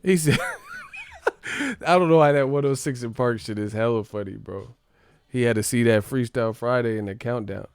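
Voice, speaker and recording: Gravelly man, profane rambling stream chat. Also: mid-range voice, moderate pace, dry recording, clean studio sound. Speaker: livestream host. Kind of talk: casual livestream chat.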